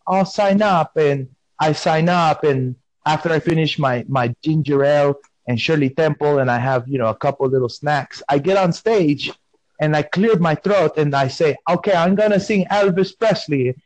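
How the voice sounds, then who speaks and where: A man's voice: a little high, normal speed, a little mellow, dry recording. A man hosting a podcast in a comic character persona, playfully insisting he has no accent, talking on a phone call.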